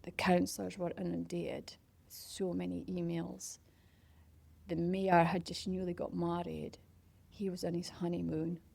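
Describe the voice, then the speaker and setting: A middle-aged woman being interviewed, telling a story in a lively, casual way, acting out what other people said and dropping into whispers. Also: on the low side, a little slow, creaky, breathy edge. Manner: animated, acts out quoted voices and whispers for effect. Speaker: interview guest, parkrun organiser.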